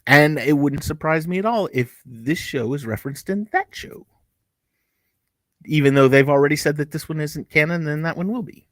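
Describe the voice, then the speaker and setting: A man's voice: a little high, animated, moderate pace, fairly bright tone, dry recording. A man co-hosting a casual TV review podcast, talking in a rambling, chatty way with many asides. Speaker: podcast co-host reviewing TV episodes.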